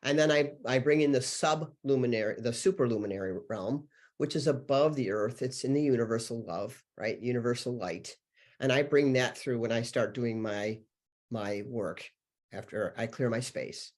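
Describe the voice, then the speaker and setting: A healer and channeler talks as a guest on a spiritual podcast, his medium-pitched voice a little mellow and his pace moderate. He's earnest in his storytelling but rambles, filling gaps with lots of fillers.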